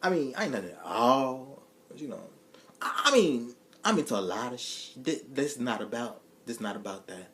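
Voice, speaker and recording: A man telling a personal story to his viewers in a casual, profane, animated way, acting out the voices of the people in it and turning to his audience with asides. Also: mid-range voice, normal speed, slight background noise.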